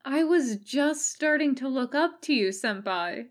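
A woman voicing a deadpan young male ninja. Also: on the high side, a little slow. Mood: dry. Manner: dry, deadpan.

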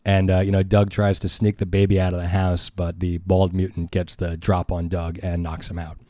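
A man's voice: low voice, completely flat delivery, moderate pace, warm tone, no room sound. A man hosting a podcast, recapping a film plot in a loose, rambling way full of fillers. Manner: rambling, filler-heavy storytelling. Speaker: podcast host.

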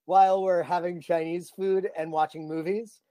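A man's voice: sits high, flat delivery, moderate pace, a crowd in the background. A man co-hosting a podcast, rambling with enthusiasm in casual chat. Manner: enthusiastic, rambling food talk. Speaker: podcast co-host.

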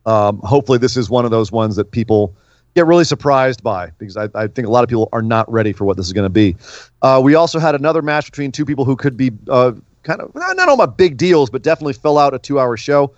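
A man's voice: mid-range voice, animated, fast talker, no echo. A man co-hosting a casual wrestling chat. He talks in a loose, chatty way and often repeats a word before his thought gets going. The sound is dry and a little dull, with no room around it. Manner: chatty, repeats words when starting. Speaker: podcast co-host.

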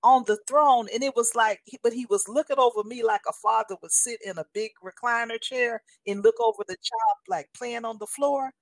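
A woman in her sixties, a guest sharing her faith testimony, tells her story earnestly and often relays what others said to her. She speaks a little fast in a higher voice with hardly any pauses, and the recording has no echo.

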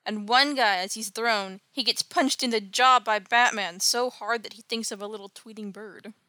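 A female podcast host walks through an old comic book in a casual, wry way, tossing in sarcastic commentary as she goes. Her voice is a little high, bright and crisp, at a moderate pace, recorded close and dry with no room sound.

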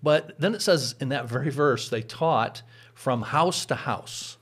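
A man's voice: medium pitch, unhurried, fairly bright tone, breathy edge. A man who is a pastor, explaining church practice in a casual teaching chat, patient, with frequent chuckles.

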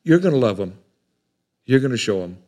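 A man's voice: medium pitch, sing-song, brisk, a little mellow, dull audio. An older man preaching a sermon in a folksy, rambling way, often repeating his words.

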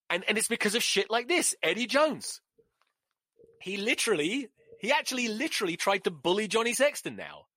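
A man's voice: high voice, pushed and bright, dry recording, studio quality. Sweary, ranting man. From England. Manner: profane, sarcastic ranting. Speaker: podcast host. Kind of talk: ranting solo podcast. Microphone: close mic.

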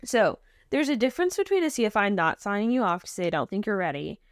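A woman talking in a candid, chatty way as a podcast co-host, with a touch of self-deprecating humor. Her voice sits at a middle pitch. The recording is dry and close, with no room sound. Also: big pitch swings, quick pace, dry recording. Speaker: podcast co-host, flight instructor. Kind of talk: casual chat.

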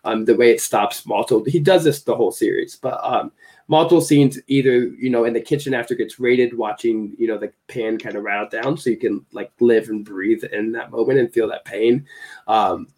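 A man in casual podcast chat about a film, pausing often with fillers as he works through his thoughts. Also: medium pitch, a little mellow. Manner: hesitant, heavy on fillers. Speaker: podcast co-host or guest.

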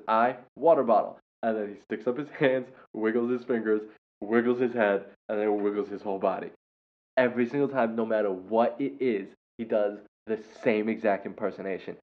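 A young man with a lowish voice tells a rambling, funny anecdote in a relaxed, casual way, cracking up as he goes. The recording is dull and lo-fi. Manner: laughs often, bursts into loud impressions. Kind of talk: casual storytelling. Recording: dull lo-fi sound.

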